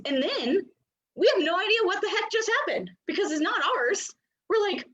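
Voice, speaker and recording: Speaking in a very high-pitched, somewhat bright voice at a moderate pace, this animated human design coach teaches in a loose, chatty way. She leans on the filler "like" and slips into small acted-out voices, and the lo-fi recording sounds dull.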